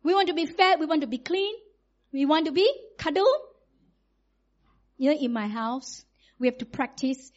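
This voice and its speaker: A middle-aged woman, preaching in a lively, conversational way and acting out quotes. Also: high-pitched, moderate pace, pauses often, lo-fi sound. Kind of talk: sermon.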